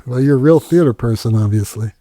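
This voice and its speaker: Enthusiastic cohost guy, super mellow dark voice, dry sound. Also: mid-range voice, fast talker, no room sound. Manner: enthusiastic, effusive. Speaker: podcast co-host. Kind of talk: casual interview chat.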